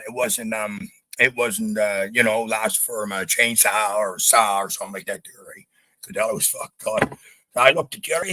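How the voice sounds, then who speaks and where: Man, from Canada, bright forceful voice, profane blunt storytelling, podcast guest. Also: mid-range voice, rough recording. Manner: profane, blunt, animated retelling. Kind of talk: storytelling in casual chat.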